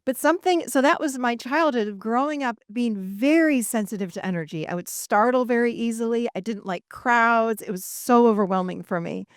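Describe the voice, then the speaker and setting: Woman speaker, higher pitch, lively storyteller, dry close sound, live event talk. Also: moderate pace, hardly any pauses, clear, resonant tone, no echo. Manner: expressive storyteller, acts out quoted voices, laughs often. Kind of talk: animated talk to a live audience.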